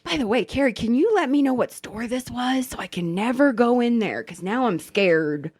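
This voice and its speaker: A woman's voice: on the high side, moderate pace, slightly rough. A woman hosting a podcast, telling stories in casual chat with plenty of swearing. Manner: animated, profane storytelling. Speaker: podcast host.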